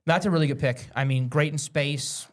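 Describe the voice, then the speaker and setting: A man's voice: a little high, a little fast. Opinionated man hosting a sports chat. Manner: opinionated, talks over others. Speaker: podcast host.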